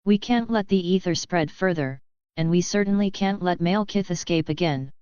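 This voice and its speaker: A woman's voice: lowish voice, darkish tone, clear, resonant tone, no room sound, close to an everyday voice. A woman voicing a fierce, clever young witch girl who bursts out in fury and gives commands, in an audiobook reading. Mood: determined. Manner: furious outbursts, quick and commanding. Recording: muffled lo-fi recording.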